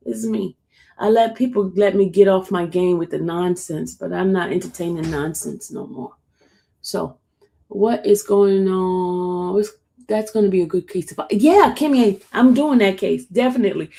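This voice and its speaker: A woman hosting a casual livestream, chatting and answering viewer comments in an expressive way. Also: medium pitch, unhurried. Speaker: livestream host covering court cases. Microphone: streaming setup.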